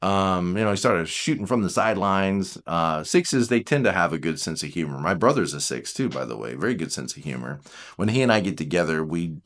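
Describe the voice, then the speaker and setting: A man talks casually about personality types as a coach, his lowish voice swinging widely in pitch. He jumps into playful mock voices of his listeners, then slows and goes quiet to stress a point. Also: lively intonation. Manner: drops to slow, quiet emphasis on key points. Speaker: Enneagram coach. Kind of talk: casual talk to camera.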